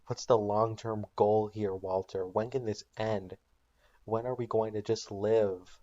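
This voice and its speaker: A man's voice: on the low side, steady tone, unhurried, mellow, dull audio, natural voice. A man voicing a weary, torn mother who pleads and argues, in a comedic made-up recap. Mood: pleading.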